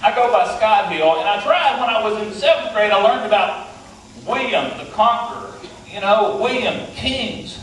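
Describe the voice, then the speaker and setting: Middle-aged Appalachian-accented male storyteller, playful and lively, distant mic in a roomy hall. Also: sits high, normal speed, slight background noise. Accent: West Virginian Appalachian. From West Virginia. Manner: folksy and playful, self-deprecating. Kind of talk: humorous live tall-tale storytelling. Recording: echoey hall, mic from far off.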